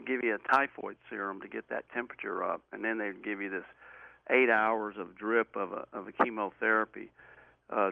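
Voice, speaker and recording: An interview guest talks over a call in a gravelly, creaky voice. His earnest storytelling rambles and restarts often. The sound is thin and phone-like, with a dry, close quality. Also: fairly low pitch, no room sound. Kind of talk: personal storytelling in a remote interview. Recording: tinny phone-line audio.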